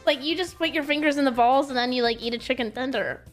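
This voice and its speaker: A woman's voice: sits high, fast, faint music behind. A woman streamer chatting casually on a call, laughing often and teasing her guest. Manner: giggly and teasing.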